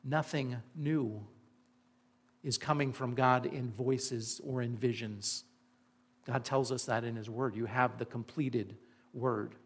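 A man's voice: mid-range voice, steady tone, takes it slowly, slightly rough. Man, pastor, sermon, earnest, emphatic, rhetorical questions. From Indiana.

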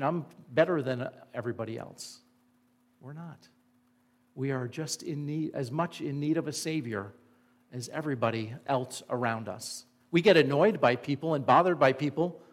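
A man preaching a sermon, earnest and emphatic, asking the listeners rhetorical questions. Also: mid-range voice. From Indiana. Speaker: pastor.

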